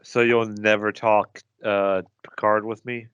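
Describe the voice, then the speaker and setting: A man's voice: fairly low pitch, level tone, a little slow, a bit bright, clear, resonant tone, muffled recording. A man co-hosting a podcast, chatting casually and arguing as a movie fan. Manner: enthusiastic, argumentative fan talk. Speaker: podcast co-host. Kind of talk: casual chat.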